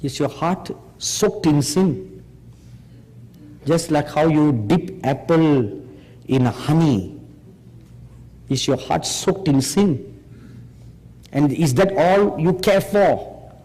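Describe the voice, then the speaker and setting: A man preaching a sermon slowly and emphatically, pressing the audience with rhetorical questions. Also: a little high, animated, dark tone. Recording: long hall reverb.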